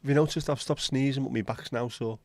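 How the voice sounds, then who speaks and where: A man's voice: mid-range voice, steady tone, fast, dry recording. A man hosting a casual livestream, chatting to viewers with crude, self-mocking jokes. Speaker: livestream host.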